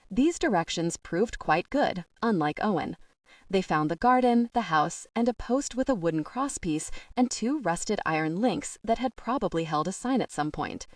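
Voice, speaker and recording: A woman reading an audiobook as its narrator, expressive and voicing each character. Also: medium pitch, moderate pace, no room sound, studio quality. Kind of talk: scripted narration.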